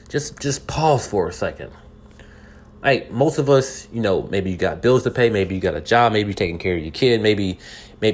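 A man from California delivering casual spoken commentary in a somewhat low voice. He talks earnestly and directly to the listener, piling up rhetorical questions, restarting and repeating words as he works through his thoughts. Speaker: podcast commentator.

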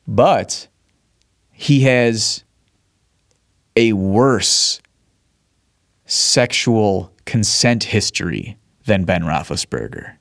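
A man's voice: fairly low pitch, animated, extremely slow, gravelly, pauses often, fairly bright tone, no echo, studio quality. Rambling, profane man on a podcast. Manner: rambling, profane, stops and restarts sentences; chuckles often between thoughts. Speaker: podcast host. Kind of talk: casual solo monologue.

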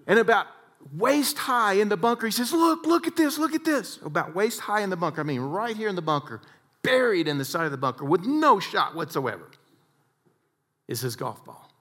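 A man giving an inspirational talk, telling stories in an animated way that swings between hushed and loud. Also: sits high, brisk. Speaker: speaker.

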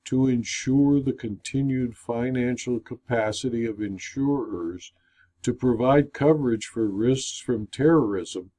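A man lectures in a slow, unhurried cadence. His voice is mellow and warm, and he reads formal explanatory material in a measured, deliberate style. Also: medium pitch. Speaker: insurance claims consultant.

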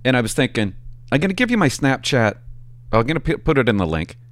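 A man, a former police officer telling stories in a casual, animated and profane way. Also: mid-range voice, fast talker, no echo. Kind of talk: casual storytelling to camera.

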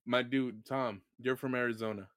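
A man's voice: medium pitch, steady tone, normal speed, a bit bright, no echo, clean studio sound. A man co-hosting a podcast, joking around and reading chat comments aloud. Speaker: podcast co-host. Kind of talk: casual podcast banter.

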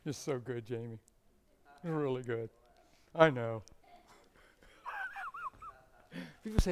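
A middle-aged man preaching with wild swings from excited shouting to hushed, intimate talk, breaking into playful laughing asides. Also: mid-range voice, unhurried, vocal fry, long reverb tail, noisy background. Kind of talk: animated sermon.

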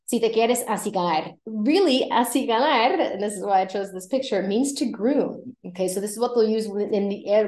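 A woman hosting a casual language lesson, explaining words in a relaxed way with small fillers and restarts. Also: medium pitch, echoey room. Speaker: Spanish teacher and podcast host.

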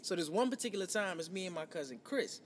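Casual podcast host, man from New York, 30s, high voice, reverberant room with a faint rumble. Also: fast. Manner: profane, animated storyteller, quoting himself. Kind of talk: casual storytelling chat.

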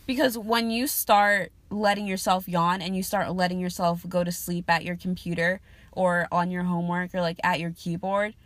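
A woman's voice: lowish voice, a bit bright, no echo. A young woman hosting a casual solo podcast, rambling and swearing freely, laughing often and losing her train of thought. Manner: chatty, profane, laughs often, trails off mid-sentence. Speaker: podcast host.

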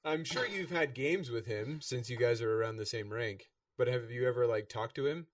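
A man's voice: medium pitch, moderate pace, no room sound, recorded from a distance. Man host, dry and a little off mic. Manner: easygoing, thankful, filler-heavy. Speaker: podcast host. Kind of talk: casual interview chat.

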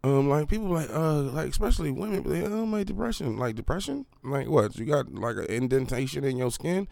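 A man's voice: mid-range voice, lively intonation, brisk, gravelly, darkish tone, no echo, clean studio sound. A young man hosting a podcast, talking in a rambling, profane, casual way with lots of fillers and restarts. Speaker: podcast host.

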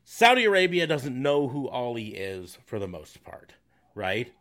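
An opinionated man co-hosting a casual podcast, arguing his points about wrestling storylines. He talks at an ordinary pitch, in a relaxed, conversational way. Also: unhurried. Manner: opinionated, argumentative. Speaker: podcast co-host.

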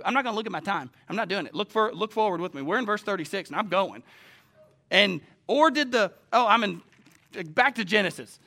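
A man preaching a sermon who tells stories quietly, then builds to loud, passionate proclaiming. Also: high-pitched, animated, brisk. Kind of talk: sermon with storytelling.

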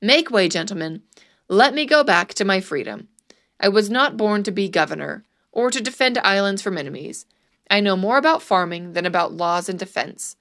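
A woman's voice: mid-range voice, expressive, normal speed, fairly bright tone. A woman doing a fretful peasant governor. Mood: weary. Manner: pleading, protesting. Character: frightened, reluctant peasant governor, middle-aged man.

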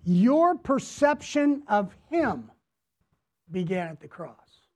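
A man preaching a sermon as pastor to his congregation, deliberate, repeating phrases and asking them questions. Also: high-pitched, very animated. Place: church, before a congregation.

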